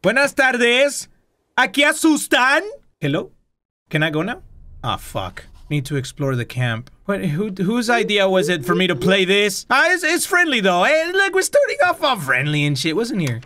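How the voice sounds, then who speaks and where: A man's voice: high-pitched, sing-song, moderate pace, bright, forceful tone. A man giving profane, joking let's-play commentary on a VR horror game, switching between English and Spanish. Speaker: VR gamer, channel host.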